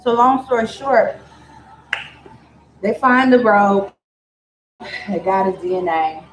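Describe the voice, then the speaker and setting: A woman's voice: medium pitch, slow, a little hiss or hum. Chatty woman in an echoey room. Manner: chatty, digressive, animated asides. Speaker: vlogger. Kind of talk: casual true-crime storytelling.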